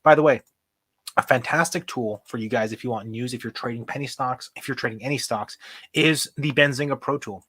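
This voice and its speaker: A young man hosting a casual live stock show, chatting and thinking out loud as he reads charts. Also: mid-range voice, brisk, slightly rough, no echo. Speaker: host. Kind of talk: casual livestream stock commentary.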